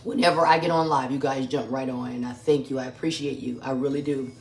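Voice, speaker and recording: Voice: mid-range voice, fairly even intonation, quick pace. A home cook hosting a live vegan cooking stream from a kitchen, chatting effusively with viewers while tasting food, sometimes with a full mouth. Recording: echoey kitchen with faint music.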